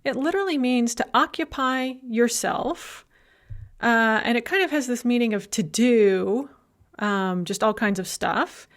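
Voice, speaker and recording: Higher-voiced woman giving a methodical lecture. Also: a little slow. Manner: clear, methodical explaining with occasional fillers. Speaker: language lecturer. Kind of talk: recorded university lecture.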